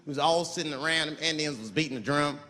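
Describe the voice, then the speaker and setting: A man doing a stand-up comedy set, telling a story in an animated way on a theater stage into a handheld mic. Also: quick pace. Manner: animated storytelling, jumps into shrill put-on voices. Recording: hall reverb, crowd laughter noise.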